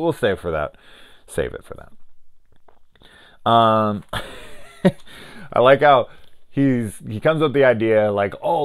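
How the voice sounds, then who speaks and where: Low-voiced man ranting about films. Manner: profane, rambling storyteller, sarcastic asides. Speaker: film reviewer. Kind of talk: casual film review rant.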